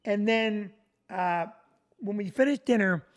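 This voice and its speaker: A woman of mid pitch tells a backstage story step by step as a comedian and producer. She lays out each detail in a steady, even way. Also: a little slow. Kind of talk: anecdote on a talk show.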